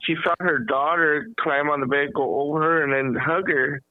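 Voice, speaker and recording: A man with a fairly high voice tells a rambling, animated story as a podcast host. The sound is thin and phone-like, and completely dry. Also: normal speed, no room sound. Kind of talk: casual storytelling chat.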